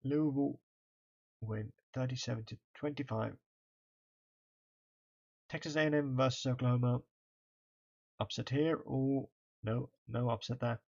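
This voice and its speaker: A man's voice: medium pitch, steady tone, a little slow, vocal fry, pauses often, a little mellow, highs cut off. A tired man, casually commenting on a college football game stream as he reads through the stats. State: tired, yawning. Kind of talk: casual let's-play commentary.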